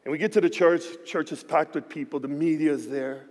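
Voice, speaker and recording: Man, pastor, sermon storytelling, animated and dramatic, high voice, church reverb. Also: brisk. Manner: animated, acts out dialogue, swings from hushed to shouting. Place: church sanctuary. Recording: hall reverb.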